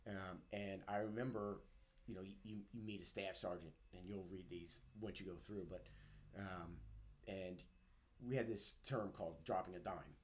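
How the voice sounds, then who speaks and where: Low-voiced reflective male interview guest. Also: steady tone. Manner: unhurried, reflective, many fillers. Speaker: guest author, retired Marine. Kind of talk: casual interview chat.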